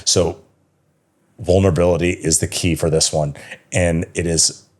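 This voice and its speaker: A man in his thirties with a notably low, deep voice, speaking as a guest on a casual podcast. He tells his story with passion and swears freely. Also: little pitch movement, measured pace, a little mellow. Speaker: podcast guest, yoga teacher and connection coach.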